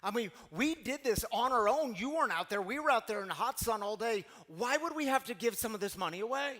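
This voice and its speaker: A man's voice: very high-pitched, lively intonation, brisk, pushed and bright, long reverb tail, pitched above the performer's own voice, heavily acted. A man voicing his young daughter as she protests, outspoken and insistent. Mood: indignant. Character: little girl, outspoken and indignant.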